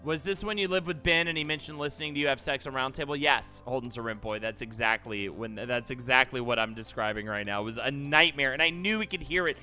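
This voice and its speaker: Bright-voiced man telling embarrassing stories. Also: medium pitch, fast talker, hardly any pauses, soft background music. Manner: animated, laughing, self-deprecating storytelling. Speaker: host. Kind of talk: casual comedic chat on a live stream.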